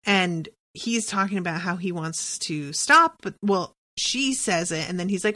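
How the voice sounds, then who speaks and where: A woman's voice: on the low side, lively intonation, a little slow, pushed and bright. Chatty, swearing woman recapping a show. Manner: chatty, profane, thinks aloud with many "like"s. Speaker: podcast host recapping a TV episode. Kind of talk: casual solo podcast recap.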